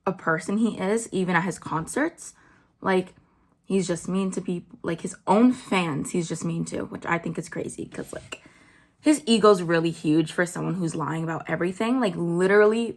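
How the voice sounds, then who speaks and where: A woman's voice: lowish voice, fairly bright tone. A woman vlogger giving casual commentary, chatty and blunt, with lots of "like" and "um". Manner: chatty, blunt, filler-heavy with "like" and "um".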